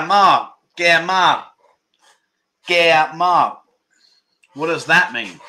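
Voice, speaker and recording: A middle-aged man with a sharp, fairly high voice hosts a casual livestream. He reads out viewer comments, joking around and laughing often.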